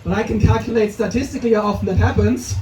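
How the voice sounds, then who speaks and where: A man's voice: sits high, fairly even intonation, fast talker, warm tone, a little hiss or hum. An Austrian man in his forties doing a self-mocking stand-up set at an open mic, laughing at his own jokes. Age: 40s. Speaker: stand-up comedian. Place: comedy club open mic. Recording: echoey club room, mic heard from a distance.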